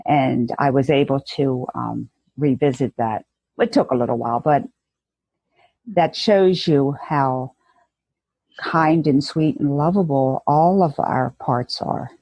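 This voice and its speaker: A woman guest speaking earnestly in a conversational interview, telling stories and acting out inner voices, with a husky voice. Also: a bass voice, slow, no echo, muffled recording. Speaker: guest educator.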